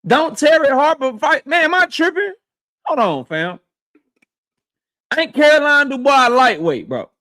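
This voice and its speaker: A man's voice: extremely high pitch, big pitch swings, measured pace, pauses often, sharp tone. A man hosting a boxing live stream, reading chat and riffing loosely with lots of profanity and slang. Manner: loose, profane, trash-talking, reads chat aloud. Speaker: boxing channel host.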